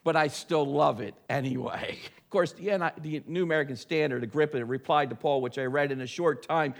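A man with a notably high voice delivers a sermon from the pulpit of a church. He preaches emphatically, pushing certain phrases loud and slow for stress. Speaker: pastor. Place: church sanctuary.

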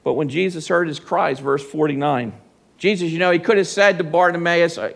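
Guy preaching a sermon, kinda high voice with some gravel, earnest, keeps asking the crowd questions. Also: fairly even intonation, a little fast. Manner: earnest, rhetorical questions to listeners.

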